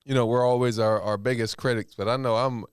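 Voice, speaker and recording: A man hosting a casual podcast, giving relaxed, affirming replies in slangy talk. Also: medium pitch, fast, clear, resonant tone, no echo, studio quality. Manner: relaxed, affirming listener with slangy back-channels.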